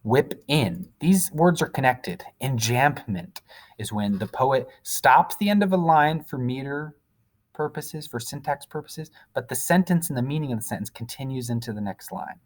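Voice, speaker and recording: A man's voice: mid-range voice, animated, moderate pace. Male teacher, mid-range voice, explaining a poem step by step to students. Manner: explains step by step, checks in with "okay?". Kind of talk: recorded lesson on a poem.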